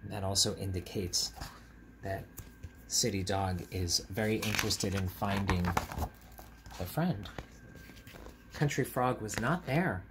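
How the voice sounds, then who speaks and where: Gentle man reading a picture book. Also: lowish voice, background noise. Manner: gentle, chatty, pauses to point out pictures. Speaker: teacher reading to children. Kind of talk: picture book read-aloud. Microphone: camera.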